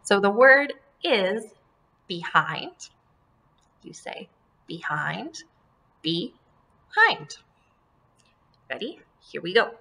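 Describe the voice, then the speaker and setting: A woman teaching a phonics lesson to young children, modeling words slowly and repeating them in a sing-song, encouraging way. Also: mid-range voice, big pitch swings, vocal fry, sharp tone. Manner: slow, drawn-out word modeling, sing-song repetitions; encouraging, addresses children as friends and folks.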